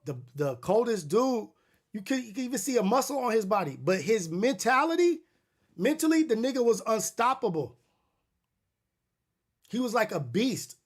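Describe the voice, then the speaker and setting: A man's voice: high-pitched, big pitch swings, moderate pace, long pauses. A middle-aged man hosting a podcast, telling stories in a loose, profane, rambling way with many restarts. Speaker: podcast host. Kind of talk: casual storytelling monologue.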